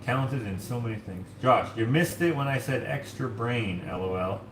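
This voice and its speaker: A man's voice: mid-range voice, lively intonation, normal speed, fairly bright tone, reverberant, a little hiss or hum. A man hosting a casual livestream from his home kitchen, washing dishes while he reads comments and rambles, full of filler words like "like". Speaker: streamer and host.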